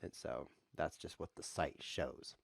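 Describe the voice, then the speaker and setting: A man streaming online chess, talking in a playful, rambling way with deadpan jokes as he plays. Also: a bass voice, a little slow, vocal fry, dry recording. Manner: jokey, rambling deadpan asides. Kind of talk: playful live commentary while playing.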